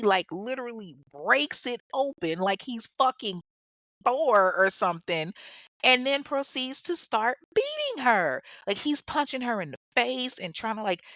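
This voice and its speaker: A woman's voice: mid-range voice, pushed and bright, dry recording. A woman hosting a podcast, retelling a true-crime case in a chatty, profane way with laughing asides to her listeners. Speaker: podcast host. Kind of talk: casual true-crime storytelling.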